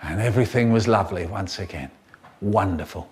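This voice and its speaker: A man telling spliced comic stories in an animated way, jumping between voices. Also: low voice, brisk, noisy background. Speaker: storyteller.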